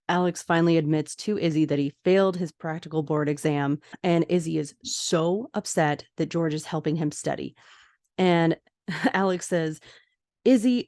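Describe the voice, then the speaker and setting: A woman hosting a podcast, casually recapping a TV episode and acting out the characters' lines with animated delivery. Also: fairly low pitch, no echo, clean studio sound. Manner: animated, acts out quoted lines. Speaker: podcast host.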